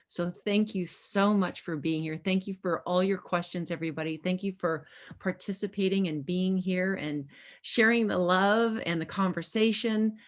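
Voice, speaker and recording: A woman with a somewhat low voice hosts the conversation. She heaps praise on her guest in an effusive, gushing way. Her lines round off the show with thanks. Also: moderate pace. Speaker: host. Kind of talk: talk show wrap-up.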